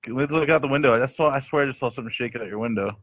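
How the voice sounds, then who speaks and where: A man's voice: medium pitch, rapid-fire, a bit bright, no room sound. Joking male podcast host, lo-fi sound. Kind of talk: jokey comedy podcast chat. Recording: dry, dull lo-fi sound.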